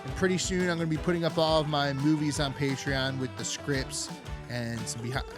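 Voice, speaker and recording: A man's voice: fairly high pitch, steady tone, a little fast, music in the background. A young man hosting a political comedy podcast, talking in a rambling, sarcastic way with lots of filler words. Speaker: podcast host. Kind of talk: unfiltered political comedy monologue.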